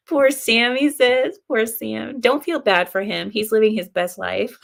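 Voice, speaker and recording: A woman's voice: on the high side, vocal fry. A young woman hosting a casual live stream, giving her opinions and reading viewer comments aloud, often breaking into laughter.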